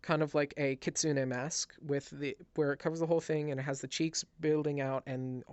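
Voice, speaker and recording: A man's voice: fairly high pitch, little pitch movement, a little mellow, smooth, no echo. Dry-voiced man narrating a tabletop game. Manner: descriptive, halting with restarts. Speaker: game master. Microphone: headset.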